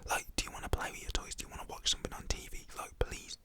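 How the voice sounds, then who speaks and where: A woman's voice: rapid-fire, natural voice. A man whispering the lines of a nervous, pleading teenage girl babysitter, as whispered role-play in an ASMR storytime. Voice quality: soft whisper. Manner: pleading, flustered.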